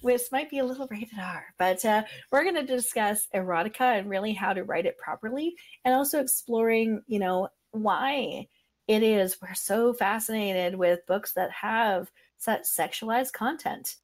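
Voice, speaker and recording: A woman hosts a podcast in a loose, conversational way, often pausing on fillers. Her voice sits in a middle range. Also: medium pitch. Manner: relaxed, chatty, with fillers. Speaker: podcast host. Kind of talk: casual podcast chat.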